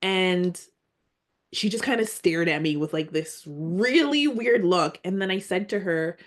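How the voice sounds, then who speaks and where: A woman recounts her personal story as a podcast guest in an unhurried, measured way. Her voice sits a little low and stays earnest and heartfelt. At moments she sounds close to tears. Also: expressive. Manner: heartfelt, earnest, slow and reflective. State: near tears at times.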